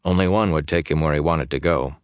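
A man narrating a fantasy novel in an even, measured reading on a close mic. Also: rumbling low, smooth, no room sound. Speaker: audiobook narrator. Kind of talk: scripted narration.

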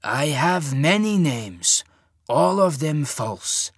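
A man voicing an old, rotund mage lord who speaks slowly with a genial, softly menacing manner. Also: on the high side, big pitch swings, slightly rough, dry recording, studio quality, pitched above the performer's own voice, exaggerated voice. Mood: genially menacing. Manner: slow, measured, softly menacing.

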